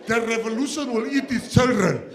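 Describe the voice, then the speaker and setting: A South African government minister gives a humorous speech, telling jokey stories to an audience that laughs along. His voice is extremely high at a normal speed, captured in an echoey hall full of crowd noise and laughter.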